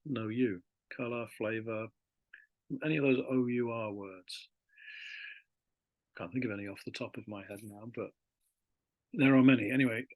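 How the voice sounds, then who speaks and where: A man explaining spelling and vocabulary differences in a chatty, rambling lesson, slowing down to spell words out. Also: mid-range voice, dry recording. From Britain. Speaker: English teacher. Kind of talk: casual classroom explanation.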